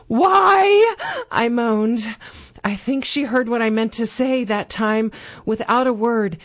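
A woman with a high voice reads a dark first-person story. She takes it slowly and dramatically, with measured phrasing. The recording is dull and lo-fi.

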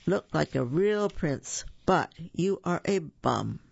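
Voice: medium pitch, animated, slow, gravelly, slightly rough, no echo, dull audio, heavily acted. A reader playing a blunt proud princess.

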